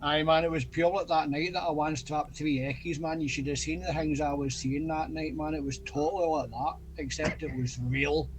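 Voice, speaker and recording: A man's voice: on the high side, fairly even intonation, moderate pace, hardly any pauses, slight background noise, close to an everyday voice, poor audio. A man voicing a brash, flirty party guy with a broad, drawled dialect. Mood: swaggering.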